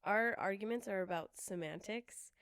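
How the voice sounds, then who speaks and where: A woman's voice: medium pitch, normal speed, smooth. Chatty young woman telling a story. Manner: animated storytelling, acts out quotes. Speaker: podcast co-host. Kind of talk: casual chat.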